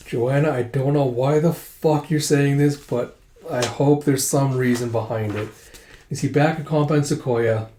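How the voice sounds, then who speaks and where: A man's voice: medium pitch, fairly even intonation, normal speed, mellow. A man reading a comic book aloud and reacting with profane commentary. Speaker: comic readthrough host. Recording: echoey room.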